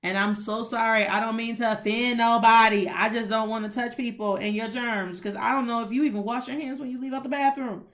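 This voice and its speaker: A woman's voice: on the high side, steady tone, brisk, few pauses, fairly bright tone. Chatty woman teaching Spanish greetings. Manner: chatty, mixes English and Spanish, spells words letter by letter; informal colloquial speech with "y'all". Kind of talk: casual teaching monologue.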